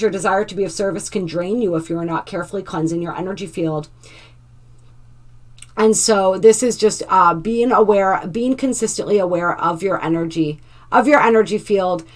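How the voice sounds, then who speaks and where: Gentle woman reading oracle cards. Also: mid-range voice. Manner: gentle, reads card text aloud with asides to viewers. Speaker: oracle card reader. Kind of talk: spiritual oracle card reading.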